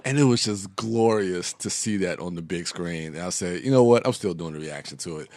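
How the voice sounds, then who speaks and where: Male co-host, lowish voice, dry close recording, eager and rambling delivery. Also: normal speed, no echo. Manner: enthusiastic, rambling with many fillers. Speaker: podcast co-host. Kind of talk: casual chat.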